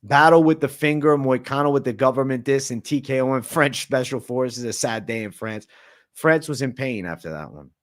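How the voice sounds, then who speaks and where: A man's voice: medium pitch, normal speed. A man hosting a casual late-night livestream Q&A, chatting in a laid-back, slangy way and answering viewers. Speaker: MMA livestream host.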